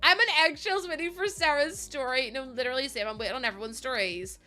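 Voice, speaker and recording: A woman's voice: high-pitched, fast, pushed and bright, faint music behind. A young adult woman, chatting heatedly to her live chat while she builds in a game. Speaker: live streamer.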